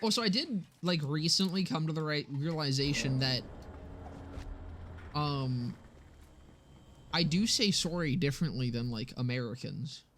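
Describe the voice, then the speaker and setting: A young man from Canada chats while he streams a game, ranting animatedly and swearing freely. His voice sits a little higher than most men's. Steady hiss runs under his desk mic. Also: unhurried, pauses often. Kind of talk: casual game-stream chat.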